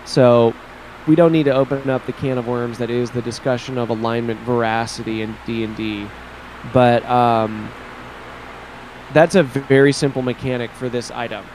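A man co-hosting a relaxed gaming podcast, talking at an ordinary middle pitch. He rambles through his ideas, restarting sentences as he thinks them out. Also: moderate pace, a little hiss or hum, poor audio. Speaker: podcast co-host. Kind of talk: casual chat about tabletop games.

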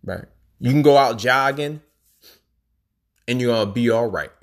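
A man's voice: mid-range voice, normal speed. A man hosting a podcast, talking in a casual, rambling, emphatic monologue. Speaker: podcast host.

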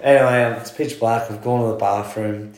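A man's voice: medium pitch, steady tone, normal speed, darkish tone. Swearing Australian man, roomy home recording. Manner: chatty, swears freely, laughs at himself. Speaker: guest, concreter. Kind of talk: casual chat. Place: at home, indoors.

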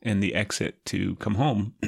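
A man's voice: lowish voice, fairly even intonation, slow, creaky, breathy edge, no room sound, clean studio sound. A man co-hosting a casual podcast chat, laid-back and dryly teasing. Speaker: podcast co-host.

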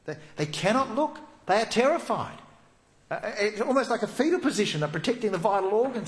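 Lively man preaching in an echoey hall. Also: high-pitched, moderate pace. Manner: lively storytelling preacher who drops to soft, hushed tones. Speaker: pastor. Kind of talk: sermon.

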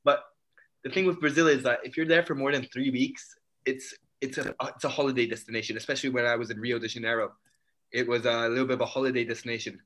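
A man telling stories in a casual group chat, animated and expressive. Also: medium pitch, quick pace. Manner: animated storytelling.

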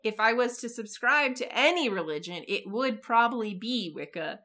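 A woman co-hosting a podcast, casually recapping an episode in a relaxed storytelling way. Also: a little high, normal speed. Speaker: podcast co-host. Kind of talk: casual chat, recapping a show.

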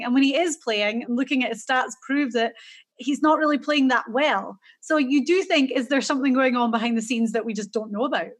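Scottish lady co-host, high voice, chatty golf talk with lots of likes and ums. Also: a bit bright. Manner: chatty, thinking aloud with fillers. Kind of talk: casual golf analysis chat.

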